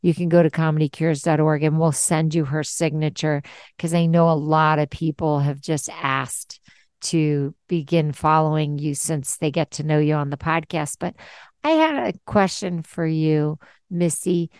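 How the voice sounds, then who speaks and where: A woman hosts a casual podcast interview, effusive and affirming toward her guest. Her voice is low and smooth, her pace unhurried, and the sound is close and dry. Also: a little mellow, dry recording. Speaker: podcast host.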